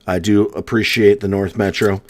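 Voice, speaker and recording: A man's voice: fairly low pitch, little pitch movement, normal speed, a little mellow. A man from the US East Coast hosting a casual live stream, chatting and answering viewer comments one by one. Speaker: coin roll hunting live streamer.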